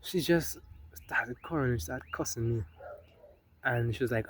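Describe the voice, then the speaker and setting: A man's voice: medium pitch, moderate pace, a little hiss or hum. A man giving casual spiritual self-help talk, loose and conversational, often adding "right?" and "you know?" between points.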